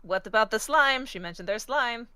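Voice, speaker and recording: A woman's voice: on the high side, animated, normal speed, bright, forceful tone, clean tone, no echo. A woman playing a tabletop game, chatting casually and playfully. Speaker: player. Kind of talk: casual play chat.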